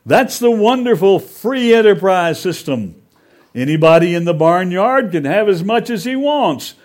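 A man's voice: high-pitched, expressive, unhurried, a little mellow, pitched above the performer's own voice. A man voicing a smug, lecturing male government agent in a told fable.

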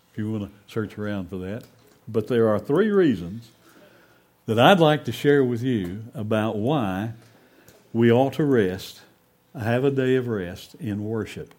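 Slow, expressive male preacher. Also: medium pitch. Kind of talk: sermon.

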